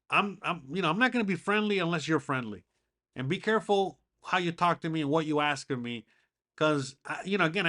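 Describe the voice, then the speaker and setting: Rambling, profane man with a high-pitched voice. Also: fairly bright tone. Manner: rambling, profane, heavy on fillers. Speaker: podcast host. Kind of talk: casual monologue.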